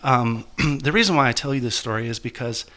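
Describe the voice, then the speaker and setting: Bright-voiced man telling a personal story. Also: medium pitch, lively intonation. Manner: halting, emotional, many restarts. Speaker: guest author.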